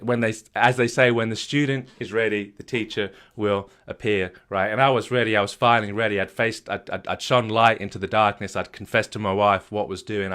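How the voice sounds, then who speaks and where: A man with a fairly low voice telling his personal story to an audience. He is earnest and emphatic, often repeating himself and restarting his sentences. He sounds middle-aged and speaks as a coach. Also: fairly bright tone, smooth. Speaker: marriage coach.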